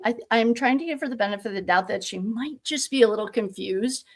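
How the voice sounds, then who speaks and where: A woman's voice: a little high, fast. A young woman casually commenting on court testimony, amused and incredulous, often laughing. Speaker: true crime commentator.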